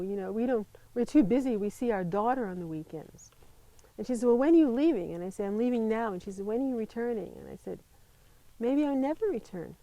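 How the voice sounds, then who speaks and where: A woman, a Buddhist nun telling her life story in an interview, lively and laughing often. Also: a little high, no echo, poor audio. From United States. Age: 50s. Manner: animated storytelling, laughs often, mimics voices in quotes. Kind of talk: personal storytelling.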